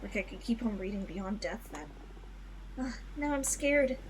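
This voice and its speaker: A woman voicing a young witch fortune teller, reading the game's dialogue aloud in a hushed, uneasy way. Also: medium pitch, expressive, normal speed, background noise, natural voice.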